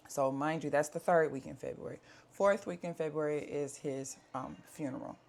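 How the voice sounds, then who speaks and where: A woman's voice: low-pitched, steady tone, moderate pace, gravelly, a little mellow. A woman, talking candidly to camera at home in a chatty, earnest way with plenty of fillers. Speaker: vlogger. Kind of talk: candid life-update talk to camera.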